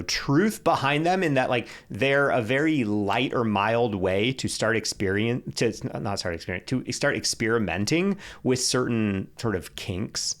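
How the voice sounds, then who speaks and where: A man in his thirties co-hosting a relationship podcast, thinking out loud in a rambling way with lots of fillers. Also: medium pitch. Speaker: podcast co-host. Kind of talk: casual chat.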